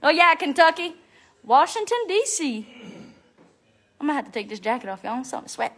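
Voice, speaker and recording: Young woman, high voice, bright tone, giggly, chatty, phone livestream. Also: sing-song, fairly quick. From Louisiana. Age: young adult. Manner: giggly, chatty, reads out fan comments. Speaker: reality show personality. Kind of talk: casual livestream chat with fans. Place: at home with family.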